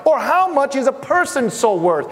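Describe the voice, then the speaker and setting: A man preaching a sermon, building through emphatic repeated lists and then dropping soft and low to tell personal stories. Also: very animated, moderate pace. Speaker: pastor. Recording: reverberant hall.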